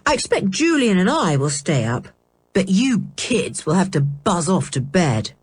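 A woman voicing a brisk, teasing schoolboy in a storybook reading. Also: on the low side, sing-song, husky, full character voice.

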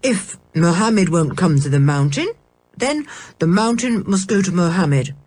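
A woman's voice: lowish voice, animated, unhurried, a little mellow, breathy edge. A woman doing a cheerful sensible older boy. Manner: cheerful and reasonable.

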